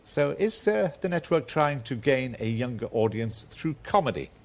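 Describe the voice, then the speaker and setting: A man's voice: medium pitch, very animated, normal speed. Older male radio presenter, dry and wry. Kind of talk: hosting a radio discussion.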